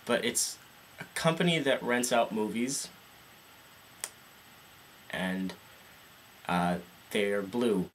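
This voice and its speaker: A man's voice: lowish voice, takes it slowly, pauses often, slight background noise. A young man delivering a sarcastic, comic rant as a vlogger. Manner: sarcastic, animated, jumps into funny voices.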